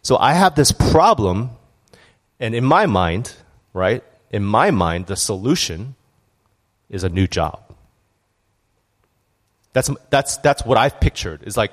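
A man's voice: fairly low pitch, big pitch swings, a little slow, long pauses. A man preaching a conversational sermon, candid and storytelling, with frequent restarts and asides. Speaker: church speaker.

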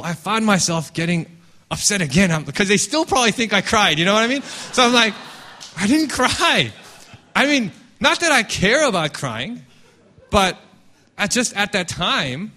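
A man's voice: high-pitched, normal speed. A man preaching a sermon as a pastor, talking candidly and telling stories with restarts. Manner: animated, candid storytelling with frequent restarts.

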